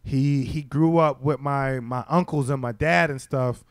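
A man's voice: mid-range voice, unhurried, dry recording, studio quality. A man, a stand-up comedian telling stories in casual chat and acting out the people he quotes. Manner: animated storyteller, acts out quoted voices. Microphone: studio mic.

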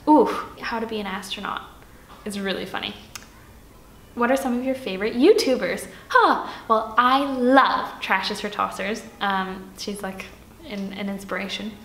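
A woman's voice: medium pitch, normal speed, a bit bright, echoey room, a little hiss or hum, poor audio. A young adult woman from Switzerland chatting playfully through a Q&A tag video, with lots of "like" and filler words. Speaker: vlogger.

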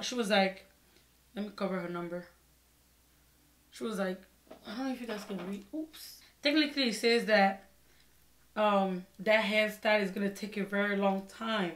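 A young woman vlogger telling a personal story in a casual, expressive way, acting out her own side of the conversations. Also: medium pitch. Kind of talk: storytime vlog. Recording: echoey room.

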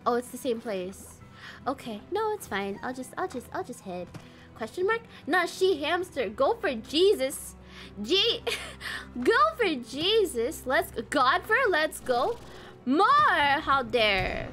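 A young woman from Malaysia streams a game and chats freely with her viewers. Her voice sits high and swoops all over the place. Faint game music plays behind her. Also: very animated, takes it slowly, fairly bright tone. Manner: chatty, reads chat aloud, swears, squeals at surprises. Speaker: VTuber streamer. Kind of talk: casual game stream chat.

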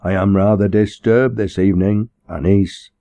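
A man's voice: on the low side, fairly even intonation, normal speed, warm tone, no room sound, natural voice. A man voicing a self-important country rector who speaks in a formal, stiff and sonorous way.

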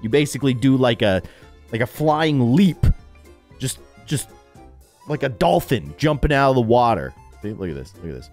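A man's voice: medium pitch, normal speed, faint music behind. A young man giving playful, goofy commentary on a video game he is playing, laughing often. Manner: goofy, laughing, animated reactions. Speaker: gaming YouTuber.

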